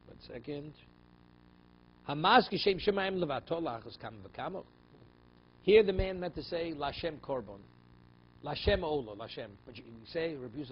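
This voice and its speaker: A man's voice: a little high, lo-fi sound. A man, a rabbi, teaching a daily Talmud class, explaining in English mixed with Hebrew and Aramaic terms and checking in with "right?" and "okay?". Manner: rhetorical questions, frequent "right?" and "okay?".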